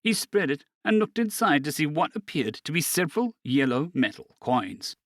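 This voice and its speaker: A man narrating a science fiction story in a steady storytelling manner. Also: fairly high pitch, moderate pace, hardly any pauses, no room sound, clean studio sound. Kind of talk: scripted narration.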